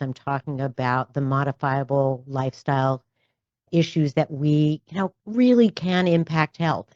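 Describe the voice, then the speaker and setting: A woman's voice: low voice, darkish tone, no room sound, highs cut off. A woman podcast host and doctor in conversational interview, thoughtful and peppered with "you know" asides.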